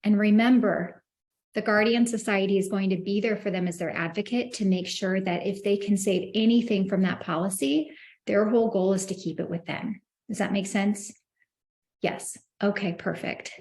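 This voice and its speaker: A woman's voice: medium pitch, moderate pace. Confident woman coaching sales. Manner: confident and emphatic, acts out sales calls in a bright voice. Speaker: insurance sales trainer. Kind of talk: instructional talk to the camera.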